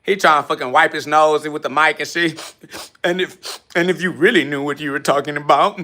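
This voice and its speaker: A man's voice: on the high side, steady tone, a little fast, pushed and bright. A man hosting a live stream, answering chat in a brash, confrontational, profane way and mocking commenters. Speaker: livestream host.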